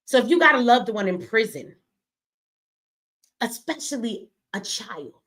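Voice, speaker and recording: A middle-aged woman with a somewhat high voice delivers heated livestream commentary. She talks bluntly and with a lot of profanity, lecturing her listeners in a preachy way. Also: lively intonation, unhurried, fairly bright tone. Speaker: streamer and commentator.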